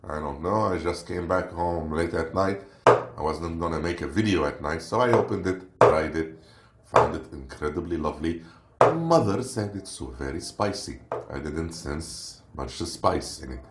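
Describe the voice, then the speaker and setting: A man's voice: low-pitched, lively intonation, normal speed. A man from Lebanon, rambling and joking through a casual snack review and stopping to hunt for words. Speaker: unboxing vlogger. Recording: roomy echo with faint noise.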